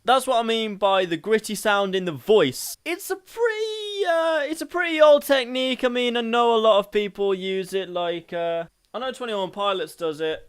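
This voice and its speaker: A man hosting a casual singing tutorial, energetic and rambling, often laughing at himself. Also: sits high, clean tone.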